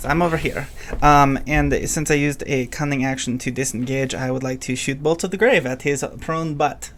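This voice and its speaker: Excitable bright-voiced tabletop player. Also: male voice, medium pitch, moderate pace, a little hiss or hum. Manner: excitable and playful, laughing and shouting at good rolls. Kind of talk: playing a tabletop game.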